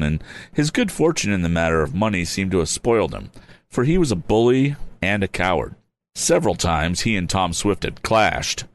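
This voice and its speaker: A man reading an old adventure story aloud, stopping now and then for wry, chatty asides. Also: sits low. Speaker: reader. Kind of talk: casual storybook read-aloud.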